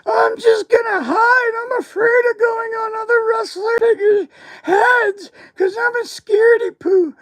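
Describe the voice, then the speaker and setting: A man voicing a timid talking Santa hat that whines in a squealing, shrill voice. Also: steady tone, unhurried, a bit bright, no echo, shouting. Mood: scared whiny.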